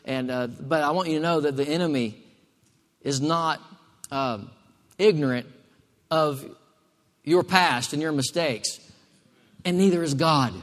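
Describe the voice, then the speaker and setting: A man's voice: fairly high pitch, measured pace, pauses often, a bit bright, big-room sound. A male pastor preaching a sermon emphatically, calling for responses from the congregation.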